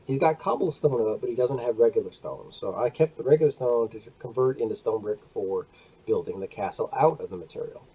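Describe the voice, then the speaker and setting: A man talks through a game build in a casual, chatty way, counting out loud and catching his own mistakes. His voice is dark and a little husky. The recording sounds dull and lo-fi. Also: medium pitch, animated, brisk. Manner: chatty, counts aloud, corrects himself. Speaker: gaming video creator. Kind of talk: casual gameplay walkthrough.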